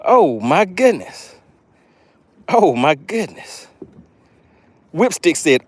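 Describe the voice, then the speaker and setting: A man hosting a live fishing stream, exclaiming excitedly as he shows off his catch. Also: sits high, takes it slowly, long pauses, no echo. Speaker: fishing livestream host.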